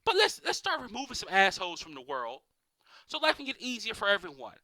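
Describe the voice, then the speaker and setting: A man's voice: sits high, wildly swooping pitch, a little fast, bright, forceful tone, dry recording. A man doing a profane stand-up comedy rant, full of exasperated rhetorical questions. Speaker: amateur stand-up comic.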